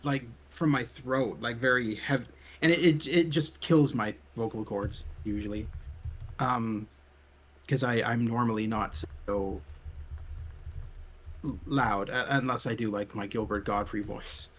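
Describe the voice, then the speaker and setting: A man's voice: mid-range voice, a little slow, long pauses. A man co-hosting a casual let's play, reading the game text aloud and making joking, exasperated asides.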